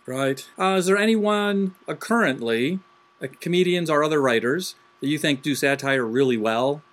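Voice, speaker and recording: Podcast host dude, kinda high voice, rambly questions, laughs a lot. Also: male voice, moderate pace, a bit bright. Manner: chatty, laughs along, loose rambling questions. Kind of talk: casual interview chat.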